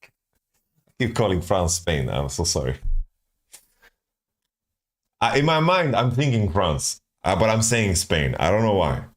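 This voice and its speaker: A man's voice: low voice, big pitch swings, measured pace, long pauses. A man streaming, thinking aloud as he guesses team rosters from player nationalities, often repeating words. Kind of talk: casual stream commentary.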